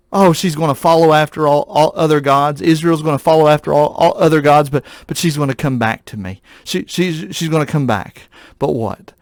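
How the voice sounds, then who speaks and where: A man's voice: fairly high pitch, fairly quick, dry recording, studio quality. Earnest male pastor reading scripture. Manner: earnest, reflective, with frequent restarts. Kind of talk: Bible reading with commentary.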